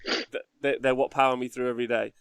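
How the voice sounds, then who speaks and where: Male podcast host, gravelly and dry, relaxed banter. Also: mid-range voice, fast, no echo. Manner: chatty, laughs often, reads chat aloud. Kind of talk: casual livestream chat.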